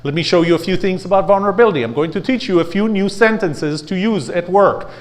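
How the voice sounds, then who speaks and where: Before a live audience, a man whose voice sits high and who talks quickly gives a blunt, lively lecture on leadership. Rhetorical questions come often, and he has listeners echo his phrases.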